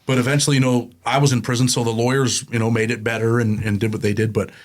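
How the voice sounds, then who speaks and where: Fast-talking middle-aged male guest. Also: medium pitch. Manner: animated storyteller, street-plain talk. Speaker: guest, prison consultant. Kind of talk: casual interview conversation.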